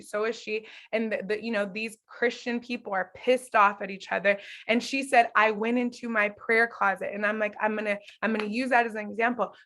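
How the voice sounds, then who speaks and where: Earnest woman in her 30s talking marriage and faith with followers, chatty, kinda high voice, acts out little quotes. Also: fairly bright tone. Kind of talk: casual teaching talk to followers.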